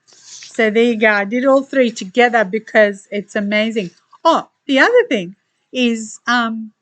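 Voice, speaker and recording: A woman's voice: a little high, a bit bright. A woman giving a casual astrology commentary to her viewers, chatty and teasing, laughing often between points. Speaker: astrology reader.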